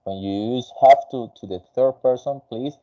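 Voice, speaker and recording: A man's voice: mid-range voice, normal speed, warm tone, lo-fi sound. A man teaching an English class, patiently coaching a student with many fillers and restarts.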